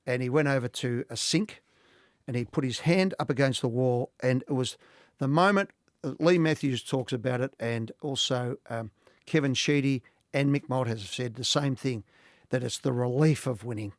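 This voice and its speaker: A middle-aged Australian man, a podcast guest, telling animated anecdotes in casual talk and laughing often. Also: medium pitch, normal speed, no echo, studio quality. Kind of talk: casual storytelling.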